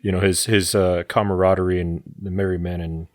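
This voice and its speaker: A man co-hosting a film podcast, first reading a plot summary in a steady, measured way, then chatting casually. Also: low-pitched, no echo, studio quality. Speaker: podcast co-host.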